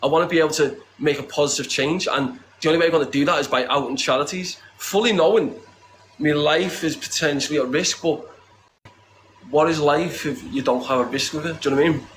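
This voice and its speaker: A northern English man speaking in a blunt, impassioned interview, his voice sitting a little high for a man. He swears freely, keeps calling the listener "lad", and hammers the same points home again and again. A faint hiss of room noise sits under his voice. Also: a little fast, fairly bright tone, poor audio. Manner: emphatic, repeats himself. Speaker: interviewee, charity campaigner. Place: secure compound, indoors.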